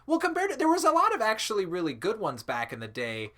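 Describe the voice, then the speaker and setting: A man talks through a gaming session in a loose, rambling way, dropping swears and laughing at his own tangents. His voice sits fairly high and sounds bright. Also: wildly swooping pitch, fast talker. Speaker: let's play commentator. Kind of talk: casual gaming chat.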